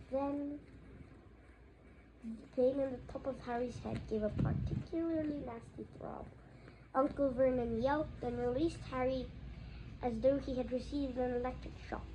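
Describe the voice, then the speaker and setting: High-voiced woman reading a story. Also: noisy background. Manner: reads aloud with occasional slips and restarts. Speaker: audiobook reader. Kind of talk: fan audiobook narration.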